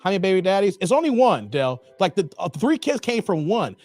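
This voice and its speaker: A man hosting a live commentary stream, animated, laughing often and talking to his chat by name. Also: sits high, fairly quick, no echo, soft background music.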